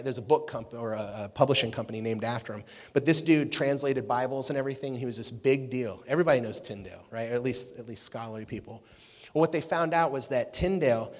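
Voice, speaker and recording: A man's voice: mid-range voice, darkish tone. A man giving a youth sermon as a pastor, telling stories casually and animatedly and often checking in with "right?". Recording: echoey hall reverb.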